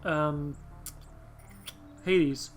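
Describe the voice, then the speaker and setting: A man's voice: a little high, fairly even intonation, very slow, a little hiss or hum. A man hosting a let's play, chatting casually with rambling asides and the odd swear. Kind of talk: casual gameplay commentary.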